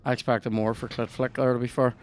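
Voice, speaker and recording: A man with a Northern Irish accent, hosting a podcast and commenting on a video game in a sweary, excitable, jokey way. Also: mid-range voice, a little fast. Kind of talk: casual gameplay commentary.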